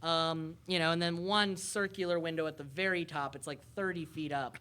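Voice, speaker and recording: Bright-voiced woman game master. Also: low voice, steady tone, moderate pace, smooth. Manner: rambling, lots of ums and uhs. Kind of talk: narrating a tabletop game.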